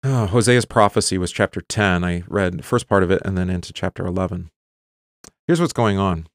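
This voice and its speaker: A man's voice: low voice, brisk, dry recording, clean studio sound. A middle-aged man, a pastor, reading long scripture passages with rising emphasis and explaining them in loose, filler-laced asides. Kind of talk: bible reading and teaching.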